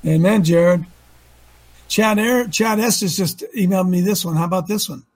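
A man hosting a talk show, preaching emphatically with rhetorical questions and swinging from loud to soft. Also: high-pitched, normal speed. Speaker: host.

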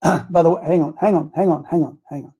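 A man preaching a sermon, fervent and folksy, climbing into loud emphatic passages when he reads scripture. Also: a little high, fairly even intonation, fast talker, slightly rough. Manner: fervent, rising to shouts on scripture, folksy asides.

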